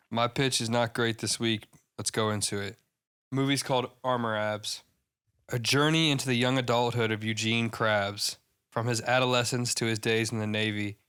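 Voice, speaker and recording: A man's voice: lowish voice, a bit bright, clean tone. A young man with a Midwestern accent, co-hosting a podcast in loose, slangy banter, laughing often. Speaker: podcast co-host. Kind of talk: casual chat.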